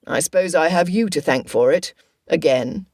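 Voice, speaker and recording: Woman doing a low wry young officer, dry humor, storybook, close dry sound. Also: normal speed, darkish tone, dry recording.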